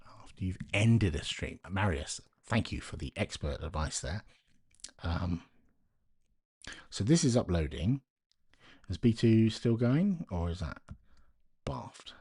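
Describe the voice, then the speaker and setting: A man's voice: sits low, sing-song, unhurried, long pauses, husky, no room sound, studio quality. A man hosting a casual live stream from home at night, keeping his voice down and talking to himself as he works. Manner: talks to himself while working, quiet and muttering.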